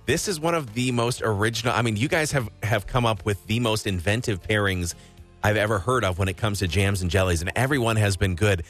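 A man's voice: fairly low pitch, fairly quick, fairly bright tone, faint music behind. A man hosting a casual on-air chat, enthusiastic and talkative, tasting food while he speaks. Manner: chatty, enthusiastic, talks while eating. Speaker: radio show host.

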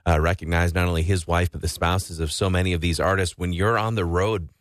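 A man co-hosting a radio show, talking in a halting way with many filler sounds. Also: low-pitched, fairly even intonation, dry recording, studio quality. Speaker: radio co-host. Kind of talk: casual radio chat.

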